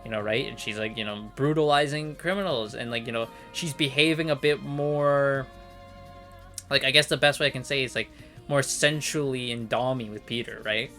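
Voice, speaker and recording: A man's voice: mid-range voice, moderate pace, pushed and bright, soft background music. A man reviewing comics in an angry, profane rant, repeating his points for emphasis. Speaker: comic book commentator. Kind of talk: ranting review.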